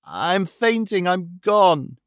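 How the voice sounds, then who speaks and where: A man voicing a male detective pretending to be dying, speaking faintly and slowly with gasps. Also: high voice, lively intonation, no room sound, clean studio sound, pitched above the performer's own voice. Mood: feeble. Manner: faint, gasping, slow.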